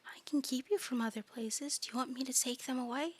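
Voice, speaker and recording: A woman voicing an eerie many-eyed void creature with a toothy maw, speaking in a soft, coaxing, possessive whisper in a whispered role-play. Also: sits high, fairly quick, husky.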